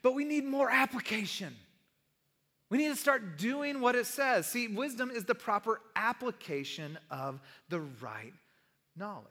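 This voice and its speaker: High bright guy preaching to the congregation, asks them stuff, big echoey church hall. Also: animated, measured pace. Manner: conversational, asks the congregation questions. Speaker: pastor. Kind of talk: sermon. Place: church sanctuary. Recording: long reverb of a large hall.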